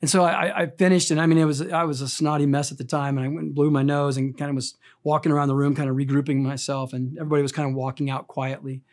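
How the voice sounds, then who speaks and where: A man in his fifties preaching a sermon as pastor, impassioned and emotional, swinging between loud emphatic lines and quiet confiding ones. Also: on the high side, little pitch movement, fast, hardly any pauses. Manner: emotional, speaks of being easily choked up.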